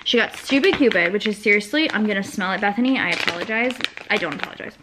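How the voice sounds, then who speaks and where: A woman's voice: mid-range voice, fast talker. Young woman, home vlogger, loose and rambling delivery with a faint hum of noise behind her. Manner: rambling, frequent "like" and "um" fillers. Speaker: small business owner and vlogger. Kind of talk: casual chatty vlog narration.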